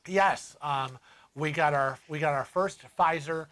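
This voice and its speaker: An older man hosting a casual livestream chat, lively, laughing often and acting out the voices of people he quotes. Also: fairly high pitch, unhurried, slight background noise. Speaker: host.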